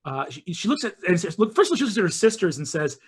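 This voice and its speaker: A man acting as dungeon master, narrating a family tabletop game in an animated storyteller's manner. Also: high-pitched, fast talker, husky. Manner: animated storyteller, voices characters.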